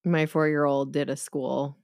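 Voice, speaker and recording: A woman in her thirties with a noticeably low voice and a slight lisp, co-hosting a podcast. She teases her co-host in a dry, deadpan way, and her voice sounds very dry and close. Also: measured pace, gravelly, no echo. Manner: dry, teasing. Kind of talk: casual chat.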